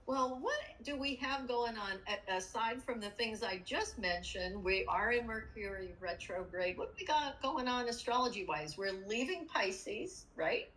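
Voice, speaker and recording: A woman hosting a casual podcast over a video call, bubbly and quick to laugh. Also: fairly high pitch, expressive, a bit bright, low-quality recording. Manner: slow, bubbly, laughs often. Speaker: podcast host. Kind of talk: casual chat.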